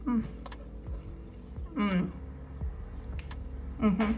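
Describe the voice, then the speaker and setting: A woman's voice: mid-range voice, very slow, dark tone, soft background music. An Australian woman vlogging casually to camera, chatty and effusive, giggling and talking while she eats snacks. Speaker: budgeting vlogger.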